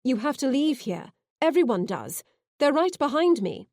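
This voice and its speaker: A woman's voice: high voice, sing-song, normal speed, a little mellow, no room sound, studio quality, pitched above the performer's own voice, heavily acted. A woman voicing Rel, an earnest young man bringing an urgent warning, in an audiobook reading. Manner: urgent, pleading.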